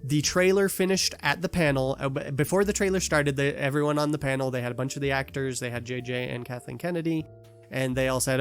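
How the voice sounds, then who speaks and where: A man co-hosting a casual podcast chat, animated and quick to slip into mock voices to make a point. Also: medium pitch, soft background music. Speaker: podcast co-host.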